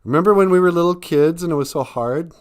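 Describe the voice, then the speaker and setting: Man doing a sweet old grandparent voice, way up high, sarcastic. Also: fast, darkish tone, clean tone, close to an everyday voice. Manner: sugary and sarcastic. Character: old grandparent mocking talk of past trauma.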